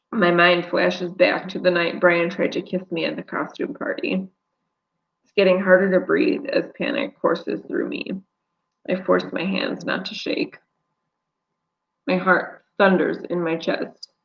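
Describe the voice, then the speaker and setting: A woman's voice: lowish voice, vocal fry, lo-fi sound. A woman author reading her novel aloud live, narrating steadily in first person.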